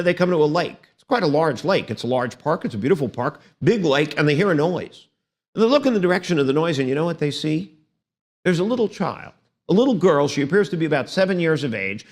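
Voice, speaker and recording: A man's voice: a little high, fairly bright tone. A man lecturing on law for exam prep, with dramatic, wry storytelling.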